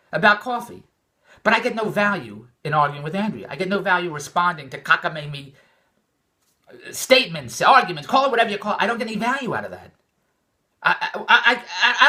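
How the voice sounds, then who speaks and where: A man's voice: sits high, pushed and bright. An older man from Philadelphia, rambling and repeating himself in an exasperated personal vlog monologue. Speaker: vlogger.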